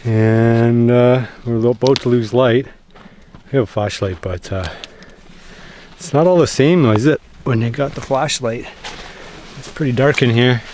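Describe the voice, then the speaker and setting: A man talking casually to the camera while winter camping, in a relaxed, rambling way. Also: mid-range voice, a little slow, pauses often, a little hiss or hum. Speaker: vlogger. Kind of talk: casual outdoor vlog narration. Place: winter woods and canvas tent.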